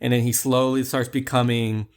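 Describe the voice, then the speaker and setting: A man with a medium-pitched voice and flat delivery talks at normal speed as a podcast co-host. The chat is a casual film review, heavy with fillers and restarts.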